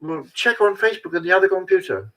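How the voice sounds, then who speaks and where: A man's voice: sits high, big pitch swings, fast talker, pushed and bright, low-quality recording. Rambling older man vlogging to camera. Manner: self-mocking, chatty, digressive. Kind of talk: rambling casual monologue.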